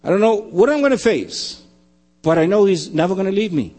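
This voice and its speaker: A man preaching a sermon, emphatic and repetitive, often dropping to a quiet low. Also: animated, fairly quick. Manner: emphatic, repeating phrases, dropping to quiet lows.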